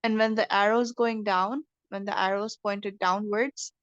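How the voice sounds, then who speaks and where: A woman at a middle pitch teaches an English lesson, explaining patiently and often stopping to ask "okay?". The recording is dull and lo-fi, with a dry, close sound and little room echo. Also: fairly even intonation, unhurried. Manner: patient, explains step by step, checks understanding with "okay?".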